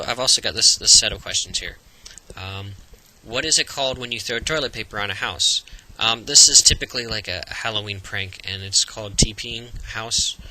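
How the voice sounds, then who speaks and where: Young man, Floridian American accent, upbeat casual vlogger, bright forceful tone. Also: on the low side, poor audio. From Florida, USA. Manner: chatty, upbeat, lists words slowly. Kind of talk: casual accent tag video.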